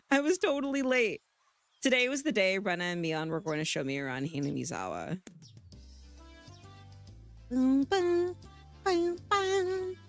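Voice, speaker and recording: A woman's voice: fairly low pitch, expressive, brisk, a bit bright, soft background music. A woman streaming live, chatting casually and reading a visual novel aloud, laughing often and swearing freely.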